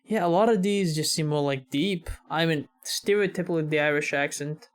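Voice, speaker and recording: A man's voice: fairly high pitch, a little fast, smooth. An American man hosting a reaction video, talking casually and rambling with many fillers. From United States.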